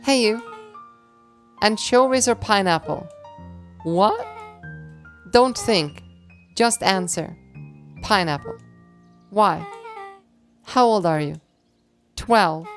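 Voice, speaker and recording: A woman's voice: mid-range voice, expressive, takes it slowly, long pauses, soft background music. A woman streaming a story game, reading every character's lines aloud in playful voices and laughing between them.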